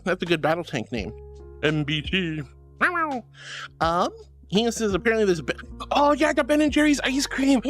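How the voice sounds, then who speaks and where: A woman's voice: medium pitch, sing-song, normal speed, faint music behind. A woman streaming casually, reading chat messages aloud in a bubbly, affectionate way.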